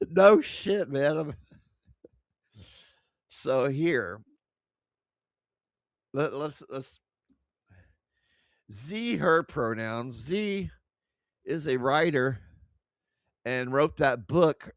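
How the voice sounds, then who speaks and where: A man's voice: mid-range voice, lively intonation, slow pace, pauses often, no echo. A man hosting a livestream, reading chat aloud and mocking it, swearing and laughing often, close to his desk mic. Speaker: livestream host.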